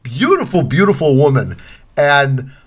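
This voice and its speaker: A man co-hosting a podcast in casual chat, an animated storyteller. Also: a little high, unhurried, breathy edge. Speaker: podcast co-host.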